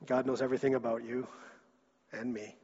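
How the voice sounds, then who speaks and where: A man's voice: mid-range voice, level tone, brisk, a little mellow, breathy edge. A man preaching a sermon as a pastor, earnest, often repeating a word as he presses a point. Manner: earnest, repeats words when stressing a point. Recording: dull, lo-fi sound in a long-echo hall.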